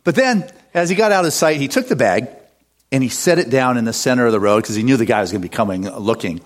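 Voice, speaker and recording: A man's voice: medium pitch, expressive, quick pace. A man preaching a sermon as pastor, telling a story with laughs and building to an upbeat call.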